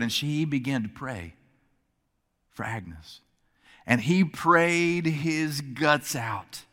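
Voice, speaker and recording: A male preacher tells a story in a sermon, animated and switching voices for the characters. His voice is bright and forward. It rings out with a long reverb in a church hall. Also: mid-range voice, slow. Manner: animated, shifts voice to act out characters.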